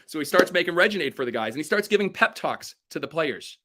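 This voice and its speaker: Energetic man telling a motivational story. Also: fast. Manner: energetic storyteller acting out quotes with big pitch jumps. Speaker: keynote speaker.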